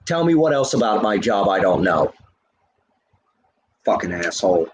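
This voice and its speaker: A man's voice: fairly low pitch, big pitch swings, a little fast, echoey room, a little hiss or hum. Heated, profane man ranting to chat. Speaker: livestreamer. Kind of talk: live stream rant to chat.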